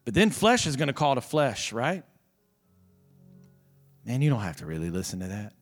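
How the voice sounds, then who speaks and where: A man's voice: medium pitch, sing-song, moderate pace. A middle-aged man preaching an earnest, impassioned sermon as pastor, repeating his phrases for emphasis. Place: church service. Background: soft music from the band.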